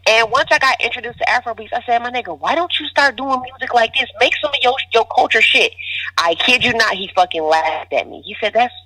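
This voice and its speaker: A woman chatting as a podcast guest, full of animated stories and loose profanity. She plays out other people's lines as she goes, and her tone is bright and forceful. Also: on the high side, fairly quick, poor audio. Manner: animated storytelling, acting out quotes, profane. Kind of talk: casual chat.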